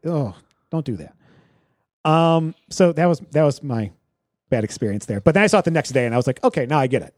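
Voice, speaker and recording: Brief: male podcast co-host, high and lively voice, dry close sound, animated storyteller. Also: a little fast, long pauses, no echo. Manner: animated storytelling, laughs often. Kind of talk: casual movie review chat.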